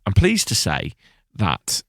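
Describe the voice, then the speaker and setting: A man's voice: on the low side, huge pitch swings, slow pace, creaky, dry recording, clean studio sound. Chatty man podcast host. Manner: chatty, restarts a lot, laughs easily. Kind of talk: casual chat.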